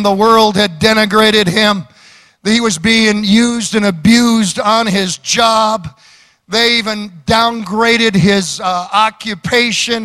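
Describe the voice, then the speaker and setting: Brief: male pastor preaching in a church, unhurried and drawn-out, sharp bright tone, emphatic lifts. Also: high-pitched. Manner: slow, emphatic preaching with laughs and sudden lifts. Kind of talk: sermon.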